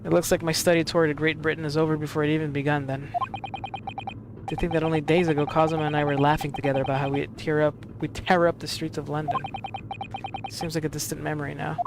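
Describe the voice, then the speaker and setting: A man voicing an earnest young male law student in a quiet, subdued read of game dialogue. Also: fairly high pitch, level tone, fast talker, noisy background, natural voice. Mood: wistful. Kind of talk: reading game dialogue aloud. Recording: game music underneath.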